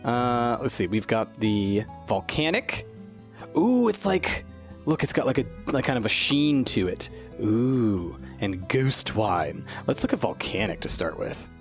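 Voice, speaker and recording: A man's voice: mid-range voice, big pitch swings, measured pace, soft background music. A man hosting a let's-play, chatting casually and animatedly over gameplay and cooing at the game's creatures.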